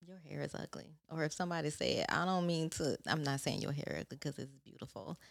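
Woman, casual chat, lower voice, lively swings in pitch, playful slangy banter. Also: fast talker, vocal fry, no room sound, studio quality.

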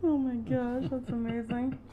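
A woman's voice: a little high, level tone, a little slow, phone-quality sound, background noise. A woman co-hosting a podcast in casual chat, laughing often. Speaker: podcast co-host.

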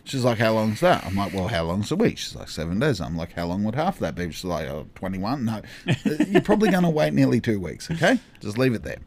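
Man, podcast co-host, casual storytelling, animated, acts out voices, laughs along. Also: fairly low pitch, fairly quick.

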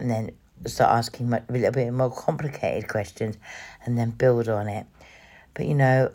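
Halting, flat-voiced emotional Englishwoman. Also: extremely low pitch. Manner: emotional, halting, with many restarts. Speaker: podcast host. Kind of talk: personal story podcast monologue.

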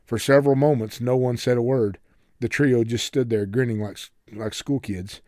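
A man narrates a novel chapter in a steady, measured storyteller's voice. His tone is mellow and warm. The recording is dry and close. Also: medium pitch, dry recording. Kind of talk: audiobook narration.

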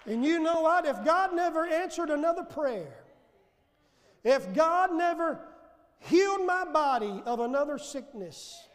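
High-voiced man preaching in slow, fervent bursts. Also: expressive, long reverb tail, some chatter behind. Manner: fervent preaching with rising shouts and call-and-response. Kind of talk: sermon. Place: church sanctuary.

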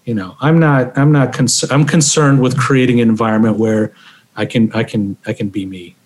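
Halting, reflective man talking. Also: mid-range voice, steady tone, darkish tone. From Maryland, US. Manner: halting, many fillers and restarts. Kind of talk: conversational interview.

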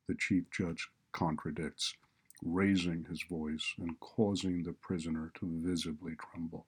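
Male storyteller, low pitch, slow deliberate delivery. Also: little pitch movement, slightly rough. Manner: slow, deliberate, descriptive reading. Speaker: narrator. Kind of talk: scripted story narration.

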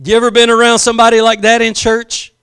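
A man's voice: very high-pitched, monotone, fast talker, fairly bright tone, clear, resonant tone. A man preaching a sermon, impassioned, drawing out key phrases for emphasis and acting out quotes.

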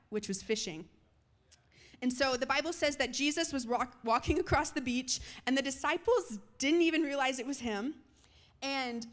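A young woman preaching a sermon to students, moving between loud calls and soft, hushed lines. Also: on the high side. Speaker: youth speaker.

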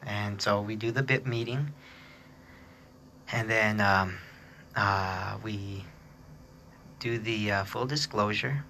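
A man's voice: lowish voice, takes it slowly, long pauses, bright, forceful tone, a little hiss or hum. A man hosting a podcast, telling a long personal story in a rambling, chatty way, laughing often and mimicking other people with a raised voice. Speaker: podcast host. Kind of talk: casual storytelling.

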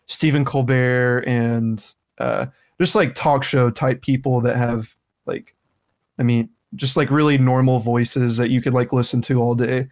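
A man's voice: medium pitch, fairly even intonation, measured pace, darkish tone. A young man with a light Southern US accent hosts a casual stream, chatting and laughing often, full of "like". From Southern United States. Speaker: stream host. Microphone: headphones and laptop mic.

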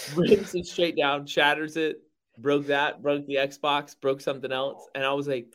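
A man chatting casually about fatherhood, easygoing and quick to laugh as he tells stories. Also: a little high, little pitch movement, a bit bright. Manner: laughs often, easygoing storytelling. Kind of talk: casual chat.

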